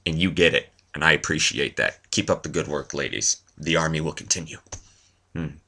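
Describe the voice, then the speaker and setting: A man's voice: very deep voice, fairly quick, gravelly, bright, forceful tone. A man vlogging a rambling comedy monologue, tossing out one-liners and self-mocking asides.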